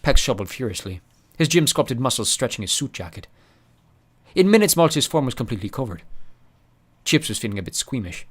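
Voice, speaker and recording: A male narrator reading an audiobook. His storytelling is expressive, with a lively, varied pitch in a middle register. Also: fairly quick. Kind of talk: scripted narration.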